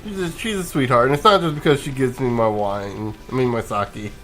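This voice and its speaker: A man's voice: mid-range voice, fairly quick, a bit bright, faint music behind. A man giving casual, rambling commentary while playing a video game, sleepy and yawning, chuckling and restarting his sentences. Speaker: let's play gamer.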